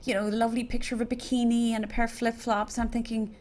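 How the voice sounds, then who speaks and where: A woman's voice: on the high side, little pitch movement, fast talker, a little mellow. A woman hosting a radio show from a studio, chatting casually with many asides. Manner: chatty, rambling, full of asides. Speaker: host.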